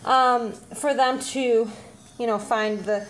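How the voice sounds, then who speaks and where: A woman teacher casually demonstrating reading activities, slightly out of breath, pausing often with "um". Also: fairly high pitch, steady tone, slight background noise. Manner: chatty, with frequent "um" pauses while handling letters.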